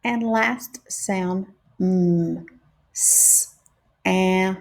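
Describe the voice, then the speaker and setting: Woman teacher sounding out words for little kids, super slow, stretches every sound. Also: mid-range voice, gravelly, a little mellow. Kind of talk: phonics lesson for young children.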